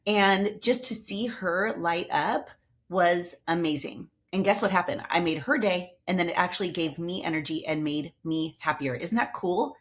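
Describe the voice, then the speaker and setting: A woman's voice: fairly low pitch, normal speed. A woman hosting a motivational podcast, telling stories in an enthusiastic, chatty way. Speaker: podcast host. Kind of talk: upbeat motivational podcast talk.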